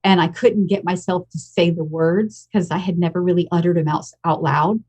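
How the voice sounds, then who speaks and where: A woman's voice: on the low side, fairly even intonation, moderate pace, darkish tone, slightly rough. An American woman in her fifties, a podcast guest telling her own story in a frank, emotional and blunt way. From United States. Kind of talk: candid personal storytelling.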